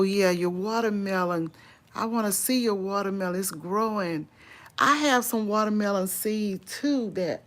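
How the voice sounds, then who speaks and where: Woman, unhurried drawl, chatty live-stream talk, laughs often, outdoors on a walk. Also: on the low side. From Louisiana. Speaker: vlogger host. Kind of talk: casual live-stream chat answering viewers.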